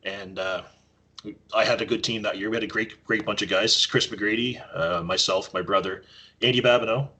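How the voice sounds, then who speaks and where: Husky and lowish, this Canadian man's voice moves at normal speed. On the podcast where he's a guest, he tells casual stories and acts out quotes with lively animation.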